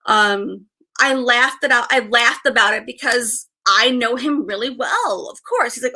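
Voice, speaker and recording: Bright chatty woman on a stream, kinda high voice, sighs a lot, repeats stuff. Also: lively intonation, moderate pace. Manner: chatty, sighing often, repeats herself. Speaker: vlogger. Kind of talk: casual livestream chat.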